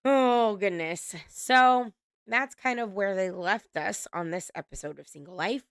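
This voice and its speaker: Slow-talking chatty woman host. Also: mid-range voice, fairly bright tone, clean tone, no echo, studio quality. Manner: chatty, laughs often, swears casually. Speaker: reality TV recap host. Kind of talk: casual recap chat.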